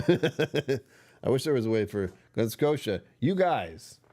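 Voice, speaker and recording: A tired man with a rumbly voice hosting a livestream, chatting casually, joking and laughing with his viewers. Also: sing-song, slow pace, darkish tone. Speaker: livestream host.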